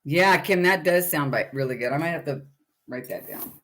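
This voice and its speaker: A woman's voice: low voice, normal speed, fairly bright tone. A middle-aged woman hosting a casual book club livestream, talking in a chatty, rambling way and greeting viewers by name.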